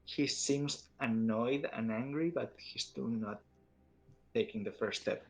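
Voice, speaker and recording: A man's voice: mid-range voice, vocal fry. Man narrating as game master. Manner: pauses often while describing scenes.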